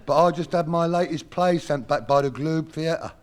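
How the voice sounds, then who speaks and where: An actor playing a dim-witted lowbrow playwright who speaks in ungrammatical, common-sounding sentences, in a 1970s radio comedy sketch. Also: male voice, normal speed, natural voice.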